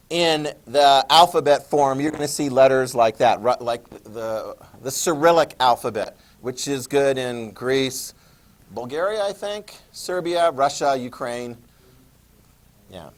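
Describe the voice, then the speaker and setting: A man's voice: medium pitch, slow. A man teaching a history class, casual and joking, asking students questions. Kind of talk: classroom lecture.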